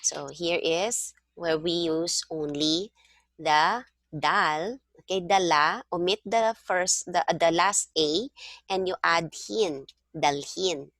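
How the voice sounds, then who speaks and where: A woman's voice: lowish voice, slow pace, fairly bright tone, dry recording. A woman teaching a one-on-one language lesson over a video call, explaining patiently step by step. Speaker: language tutor.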